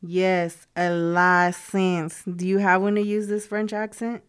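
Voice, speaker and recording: A woman's voice: mid-range voice, level tone, moderate pace, smooth. Stern exasperated woman. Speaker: sketch performer. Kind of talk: comedy sketch acting.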